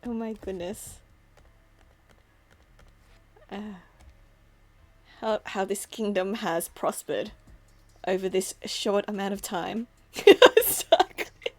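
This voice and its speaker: A woman's voice: mid-range voice, fairly even intonation, takes it slowly, long pauses, darkish tone. A woman chatting casually on a live stream while she draws, laughing constantly between remarks.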